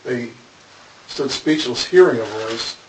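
A man's voice: medium pitch, animated, takes it slowly, a little hiss or hum. A man in the class reading a verse back to the teacher, heard from far off the mic. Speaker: class member. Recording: distant voice in an echoey room.

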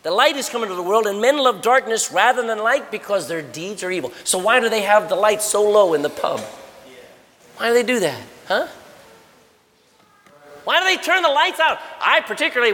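A middle-aged man preaching a sermon to young people at a camp, animated and swinging from low murmurs to loud exhortation. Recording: long hall reverb.

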